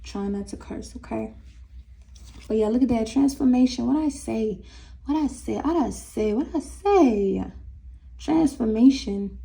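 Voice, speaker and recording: A woman's voice: fairly high pitch, a little slow, creaky, mellow. A young woman giving a casual tarot reading, talking straight to viewers in a sassy, teasing way. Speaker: tarot reader.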